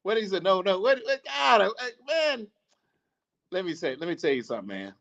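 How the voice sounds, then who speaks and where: A man hosting a podcast, talking in a casual, animated monologue, swearing, preaching and laughing often. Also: sits high, a little fast, gravelly, dull audio. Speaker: podcast host.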